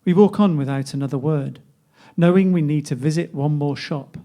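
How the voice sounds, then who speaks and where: Man, poetry reading, mellow tone, fairly high pitch, wry conversational delivery. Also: normal speed.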